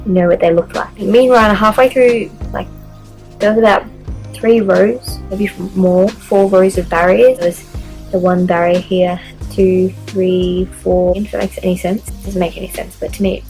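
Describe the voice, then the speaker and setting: A woman's voice: mid-range voice, steady tone, normal speed, a little mellow, faint music behind, rough recording. A young woman casually telling a story-time vlog, chatty and swearing a lot as she acts out what people said. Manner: chatty, swears often, reenacts dialogue. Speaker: vlogger.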